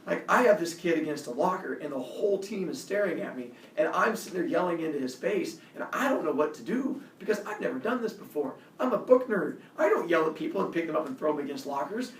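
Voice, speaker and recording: A man casually telling a personal story as a podcast host, animated, acting out quotes with loud jumps. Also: on the high side, fast, few pauses, slight background noise. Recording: echoey room, mic at a distance.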